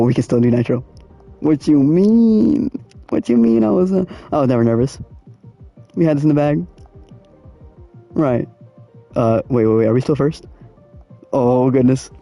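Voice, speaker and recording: A man's voice: medium pitch, warm tone. A young man casually talking to his viewers in slangy speech while he plays a racing game. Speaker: gaming streamer. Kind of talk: casual live-stream commentary.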